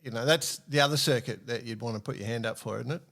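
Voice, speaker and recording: A man hosting a podcast, chatty and quick to joke with his guest. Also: medium pitch, creaky, a bit bright. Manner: chatty, joking banter. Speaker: podcast host. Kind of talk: casual podcast chat.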